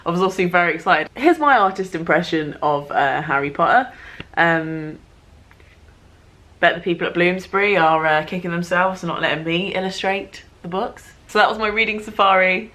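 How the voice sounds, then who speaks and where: A young woman from England talks straight to camera in a loose, chatty way. Her voice sits a little low, and she pokes fun at herself with easy laughs along the way. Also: normal speed, bright, forceful tone. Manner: chatty, self-mocking, laughs while talking. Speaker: vlogger. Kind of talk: casual chat to camera.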